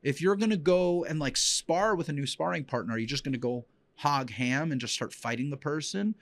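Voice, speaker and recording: A man's voice: a little high, brisk, no room sound. A man hosting a podcast as a dog trainer, telling personal stories in a heartfelt, rambling way with many fillers and restarts. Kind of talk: emotional personal storytelling.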